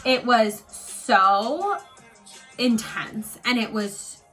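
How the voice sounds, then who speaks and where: A woman's voice: a little high, expressive, extremely slow, over loud music, rough recording. A woman who works as a psychic medium, telling a personal story in a chatty, rambling way, full of fillers and emotional at times. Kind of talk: casual get-ready-with-me storytelling.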